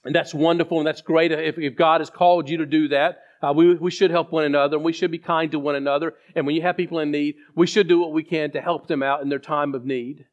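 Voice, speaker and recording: Halting male pastor preaching. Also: a little high, steady tone, highs cut off. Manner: halting storyteller with many restarts. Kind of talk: sermon with personal story.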